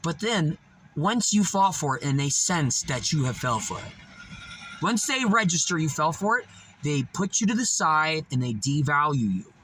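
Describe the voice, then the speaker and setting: Animated man telling stories, bright voice. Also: on the high side, moderate pace, slight background noise. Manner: animated, swearing, laughing at his own stories. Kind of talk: casual storytelling monologue.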